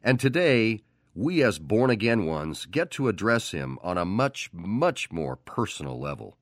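A man's voice: lowish voice, big pitch swings, unhurried, dry recording, studio quality. A man preaching a sermon, who tells the story with animation and acts out the voices of the people in it.

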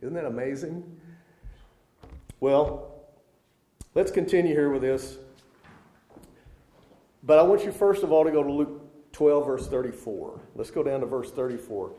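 A man's voice: on the high side, a little slow, pauses often, warm tone. A man preaching a sermon to a live audience, talking to them in a conversational way and putting questions to the crowd. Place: large room with a live audience. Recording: echoey room.

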